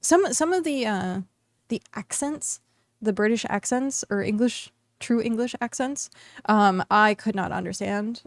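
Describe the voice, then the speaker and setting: A woman's voice: mid-range voice, measured pace, no room sound, studio quality. A woman streamer from the United States chatting casually while she plays, rambling with lots of fillers and restarts. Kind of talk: casual chat while gaming.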